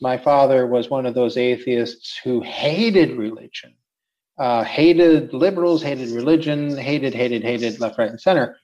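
A man, a philosopher guest, explaining ideas in a measured, thoughtful way. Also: mid-range voice, a little mellow, dull audio. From United States. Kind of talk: reflective interview talk.

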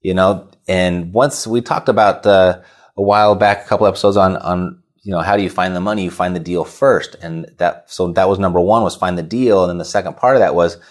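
A man with a very low, deep voice co-hosts a casual podcast. He talks in a loose, rambling way, restarting and correcting himself as he goes. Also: fairly even intonation, fairly quick. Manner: conversational, rambling, self-correcting. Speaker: podcast co-host. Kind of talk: casual business podcast chat.

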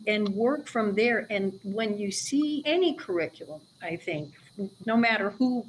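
A woman's voice: medium pitch, a little hiss or hum, low-quality recording. A woman who teaches dementia care, explaining her approach in an earnest, emphatic way during an interview. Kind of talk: interview conversation.

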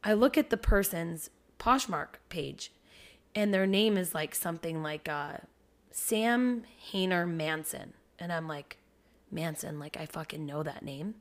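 Swearing, animated woman telling a story. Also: on the low side, a little slow. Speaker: podcast host; parent. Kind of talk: casual storytelling chat.

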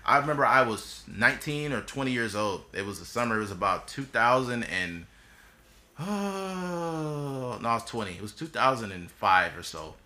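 A man's voice: mid-range voice, very animated, moderate pace, bright, forceful tone. A man in his thirties hosting a podcast, telling his story bluntly and with passion in casual chat. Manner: impassioned, blunt storytelling with swearing. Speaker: podcast host.

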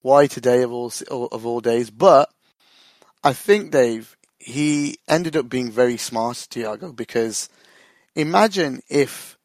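A man's voice: mid-range voice, slow pace, a little mellow, dry recording. A man co-hosts a casual football podcast, rambling through his story with laughs and swearing. His voice sits in a middle register. The sound is dry and close, with no room around it. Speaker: podcast co-host.

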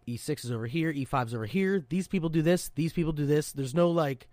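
A man hosting a podcast, telling loud, profane stories in a casual chat. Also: on the high side, fast talker, hardly any pauses, no echo. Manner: loud, profane, animated storyteller. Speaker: podcast host, serving sailor.

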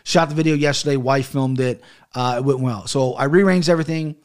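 A man's voice: medium pitch, brisk. A man hosting his own podcast from a home studio office, ranting heatedly and swearing often. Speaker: podcast host. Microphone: studio mic on an arm.

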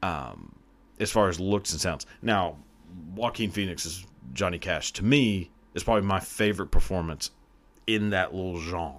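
A man's voice: low-pitched, normal speed. A man hosting his own podcast, chatting casually on his own in a rambling, profane, self-deprecating way. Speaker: podcast host. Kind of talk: casual solo podcast chat.

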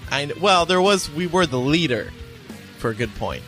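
A man's voice: fairly high pitch, expressive, a bit bright, soft background music. A man hosting a casual podcast, chatting with co-hosts and often trailing off into fillers and restarts. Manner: rambling, halting with fillers. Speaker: podcast host.

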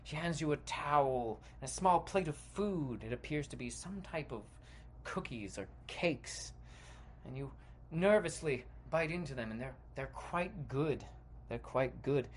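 A man's voice: mid-range voice, animated, measured pace, husky. A man hosting a podcast, narrating a comedic guided visualization in a playful, dramatic way with sound effects. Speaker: podcast host.

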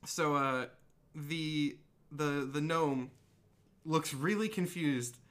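A man's voice: fairly high pitch, slow pace, a bit bright. Brief: man running a tabletop game, loose, talkative, laughs a lot. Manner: rambling, laughs often, filler-heavy. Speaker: game master.

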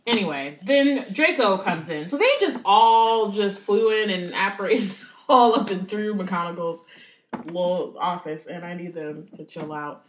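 In an unhurried, mid-range voice, this podcast co-host chats casually, dropping "like" often and swearing offhandedly. The room gives the sound a roomy echo.

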